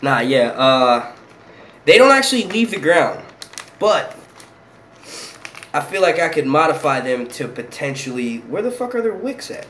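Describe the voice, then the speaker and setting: A man's voice: a little high, very animated, measured pace, long pauses, a bit bright, a little hiss or hum. A young man from Philadelphia, hosting his own channel and chatting casually, profane and rambling, laughing often. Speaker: YouTube channel host. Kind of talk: casual live stream chat.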